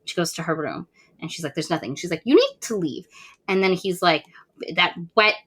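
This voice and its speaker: A woman's voice: on the low side, lively intonation, normal speed, fairly bright tone, slightly rough. A woman co-hosting a book podcast, recapping the plot casually and acting out the characters' lines. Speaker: podcast co-host.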